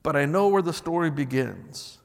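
A man's voice: on the high side, animated, moderate pace, gravelly, big-room sound. A man preaching a sermon in a church, reading song lyrics aloud and building emphasis as he goes. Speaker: pastor.

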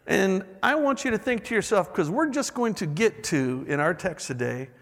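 A man's voice: high-pitched, expressive, moderate pace, creaky, a bit bright, big-room sound. A man preaching a sermon in a church, reading song lyrics aloud and building emphasis as he goes. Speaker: pastor.

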